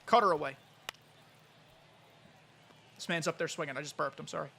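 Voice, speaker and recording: A man giving excitable, chatty live commentary on his own baseball video game play, talking straight to his viewers. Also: a little high, normal speed, creaky, slight background noise. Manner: excitable, chatty, talks to chat. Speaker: gaming YouTuber.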